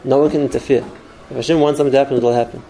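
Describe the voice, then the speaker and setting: A man's voice: medium pitch, steady tone, rapid-fire, vocal fry, mellow, a little hiss or hum, poor audio. A man giving an earnest spoken Torah class, explaining step by step with numbered points. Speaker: Torah teacher.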